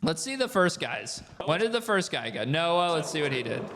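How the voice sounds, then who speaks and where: A man's voice: a little high, very animated, normal speed, fairly bright tone, roomy sound, long reverb tail, a little hiss or hum. A man hosting a reaction show, exasperated and incredulous, swearing and laughing as he picks apart a referee's calls. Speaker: host reacting to a skate video. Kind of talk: reaction commentary.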